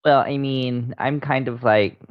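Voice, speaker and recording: A man's voice: medium pitch, steady tone, measured pace, no room sound, dull audio. A man playing a tabletop game, rambling unsurely with many fillers. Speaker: player. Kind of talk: casual tabletop role-play chat.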